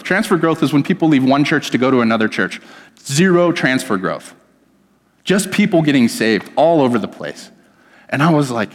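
A pastor delivering a sermon to his church, telling a personal story with animated, self-deprecating humor. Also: medium pitch. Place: church hall. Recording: reverberant church hall.

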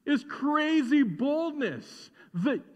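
A male pastor preaching a sermon in a lively, joking way, asking the crowd to repeat words after him. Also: extremely high pitch, drawn-out words. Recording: dull sound in a reverberant hall.

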